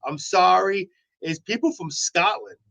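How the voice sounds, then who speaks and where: A man's voice: sits high, lively intonation, measured pace, vocal fry, a bit bright. A man hosting radio mornings, telling long rambling stories in casual chat with many restarts. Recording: dull lo-fi audio.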